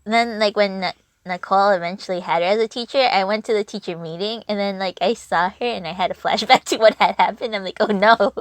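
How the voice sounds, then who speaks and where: A woman hosting a casual podcast, teasing her guest with quick interjections. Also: medium pitch, dry recording. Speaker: podcast host. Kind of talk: casual chat.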